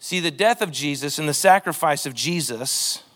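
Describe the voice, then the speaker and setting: High-voiced animated male pastor. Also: normal speed. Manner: animated, acts out quotes in character voices. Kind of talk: sermon. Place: church.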